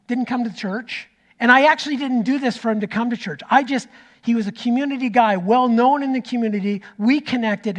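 A middle-aged man preaching a sermon as pastor, telling a story that swings from loud to nearly whispered. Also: very high-pitched. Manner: storytelling, rising loud then dropping to a near whisper.

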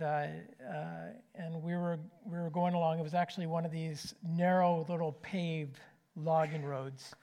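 A man, preaching a sermon with a folksy personal story, swinging between loud and hushed. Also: a little high.

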